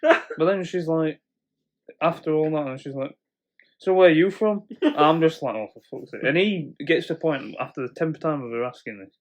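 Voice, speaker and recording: A man's voice: on the high side, brisk. A young man telling a story in casual podcast chat, swearing often and laughing as he goes. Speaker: podcast co-host.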